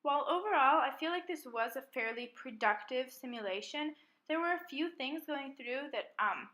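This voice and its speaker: A young woman, a student mediator, calmly talking through a self-reflection on a mediation exercise in a measured, methodical way. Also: fairly high pitch, rough recording.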